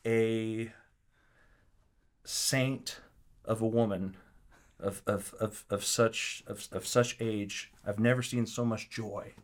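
A man telling a story as an interview guest, animated and acting out the quotes, with frequent restarts. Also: on the low side, takes it slowly, pauses often. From Kansas City area.

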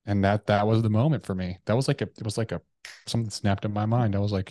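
A man telling a personal story as a podcast guest, earnest and halting, with frequent restarts and fillers. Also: on the low side, fairly even intonation, darkish tone, no echo, clean studio sound.

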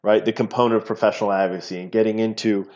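A man's voice: on the low side, level tone, rapid-fire, a little mellow. A middle-aged man, a professor talking as an interview guest, explaining at length and often repeating words as he goes. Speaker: physical therapy professor, guest. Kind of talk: casual interview talk. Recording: slightly dull lo-fi audio.

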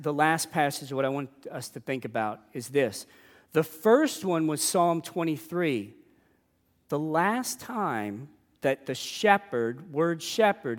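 Man preaching in a reverberant hall. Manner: earnest, emphatic repetition, drops low and soft on key words. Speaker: pastor. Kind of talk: sermon. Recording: long reverb of a church hall.

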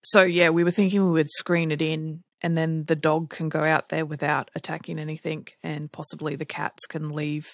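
An Australian woman co-hosting a podcast, chatting casually and telling animated stories, often laughing and acting out other people's voices. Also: low-pitched, moderate pace, hardly any pauses, no room sound, studio quality. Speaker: podcast co-host. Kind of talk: casual chat.

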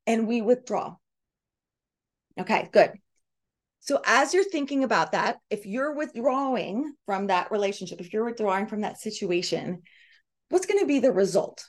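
A woman's voice: mid-range voice, normal speed. A middle-aged woman hosting a coaching session, reading out participants' comments and acting out quoted voices. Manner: animated, reads out group comments, acts out quoted voices. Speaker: podcast host and coach. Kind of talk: coaching talk to a live group.

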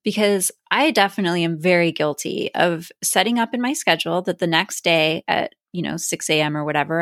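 Woman podcast host, lower voice, animated storyteller, close dry mic. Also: dry recording. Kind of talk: casual podcast chat.

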